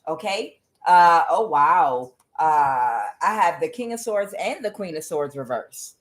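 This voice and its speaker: A woman giving a tarot reading as an angry, profane rant, mocking the people she blames and filling pauses with "uh". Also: low voice, expressive. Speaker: tarot reader. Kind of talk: ranting tarot reading monologue.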